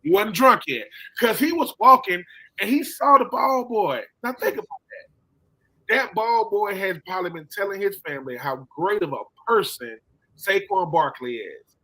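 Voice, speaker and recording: A man hosting a casual sports chat, telling animated stories and acting out quotes in slangy talk. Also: sits high, moderate pace. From Philadelphia. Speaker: podcast host.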